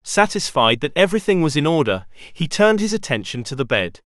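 A man reading a children's storybook aloud in an expressive way. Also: a little high, fairly quick, no echo, clean studio sound. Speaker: narrator. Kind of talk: storybook narration.

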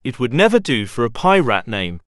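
A man's voice: mid-range voice, sing-song, moderate pace, fairly bright tone, no room sound, studio quality. A man voicing a sour, blunt male animal pirate in a storybook who mutters and grumbles. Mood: grumbling.

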